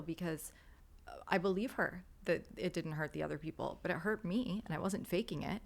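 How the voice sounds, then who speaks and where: A woman's voice: low-pitched, moderate pace, vocal fry. A woman in her thirties, a podcast guest, telling a candid, emotional story with many fillers.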